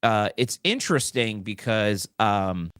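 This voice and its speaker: Animated male host, very expressive pitch, rambling commentary, dry mic. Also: measured pace, clean tone, dry recording. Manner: animated, rambling, full of fillers and asides. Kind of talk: political commentary talk show.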